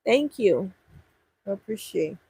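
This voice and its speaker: A woman's voice: medium pitch, lively intonation, slow pace, mellow, breathy edge, no room sound, poor audio. A young woman chatting casually with viewers on a livestream, thinking aloud and restarting her sentences. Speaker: livestream host answering viewers. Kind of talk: casual live chat.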